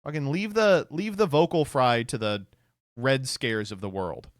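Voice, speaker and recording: A man's voice: medium pitch, measured pace, no room sound, clean studio sound. A man streaming reaction commentary, sarcastic and swearing, laughing often.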